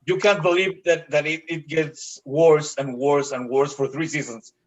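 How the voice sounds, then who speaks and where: A man speaks in a measured, deliberate way as a podcast guest. His voice sits slightly high. The recording sounds dull and lo-fi. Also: fairly even intonation. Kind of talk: casual podcast chat. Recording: muffled lo-fi mic.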